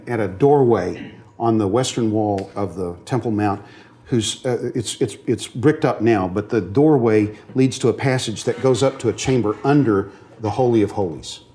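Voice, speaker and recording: In a classroom, a seminary professor speaks in a lowish, mellow voice at a moderate pace. His lecture is earnest, turning emotional on affecting points, and he frequently checks whether students follow, often restarting sentences and using fillers.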